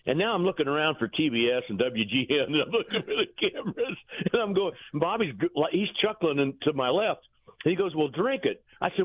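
A man, a former pitching coach, telling folksy, rambling anecdotes in an interview, chuckling as he goes. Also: sing-song, brisk. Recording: tinny phone line.

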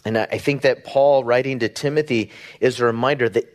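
A man's voice: mid-range voice, steady tone, fairly quick. A middle-aged man, a pastor from Southern California, preaching in an earnest, conversational way, with rhetorical questions and small restarts. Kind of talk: sermon.

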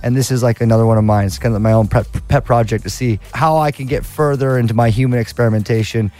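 A man's voice: mid-range voice, fairly even intonation, fast talker, mellow, soft background music. A man as a guest musician in a casual interview, easygoing and rambling, often restarting his sentences.

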